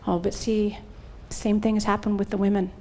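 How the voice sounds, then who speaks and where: A middle-aged woman with a medium-pitched voice preaches at a moderate pace, weaving humor into her storytelling. She stays animated throughout and gives voice to the people she quotes.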